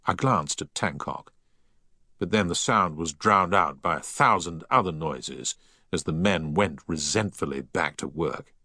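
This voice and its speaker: A man narrating a first-person story as an audiobook, in a measured, expressive way. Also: deep voice, no echo, studio quality.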